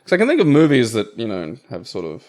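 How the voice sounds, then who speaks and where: A man's voice: medium pitch, huge pitch swings, fast, a little mellow. A man chatting casually over gameplay, rambling with lots of filler words and swearing freely. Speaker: co-host.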